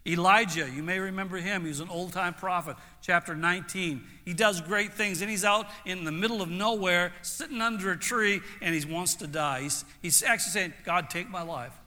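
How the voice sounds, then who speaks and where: A man's voice: high-pitched, fairly quick, few pauses, pushed and bright. A man preaching a sermon as pastor, earnest and stopping to restart his phrases. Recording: long hall reverb.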